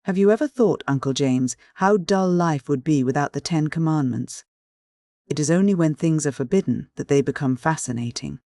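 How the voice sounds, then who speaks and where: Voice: mid-range voice, moderate pace, warm tone, no room sound, studio quality, natural voice. A reader voicing a defiant, outspoken young woman in an audiobook, with a tart, cutting delivery.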